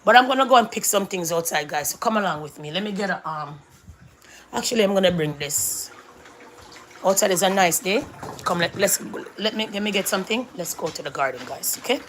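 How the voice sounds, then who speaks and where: A woman's voice: medium pitch, animated, a little fast, fairly bright tone, a little hiss or hum. A woman chatting casually to her viewers as she walks through her home and backyard garden, filming on a handheld phone and calling out to them again and again. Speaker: vlogger. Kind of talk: casual vlog chat.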